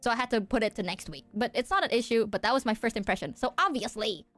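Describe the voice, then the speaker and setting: A young woman streaming, chatting casually, telling a story in an animated way, acting out quotes and swearing freely. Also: a little high, fast, faint music behind. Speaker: VTuber streamer.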